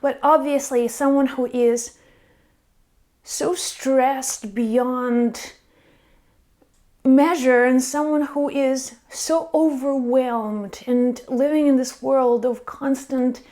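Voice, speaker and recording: Woman spiritual guide, high voice, unhurried, soft and earnest, slips into whispers. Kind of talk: personal story with spiritual teaching.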